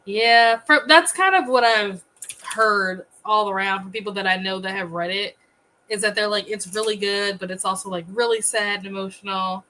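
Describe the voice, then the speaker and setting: Woman, livestream host, casual chat, chatty, laughs easily, mid pitch, faint background noise. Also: normal speed, bright, forceful tone, poor audio. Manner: chatty, laughs often, greets viewers.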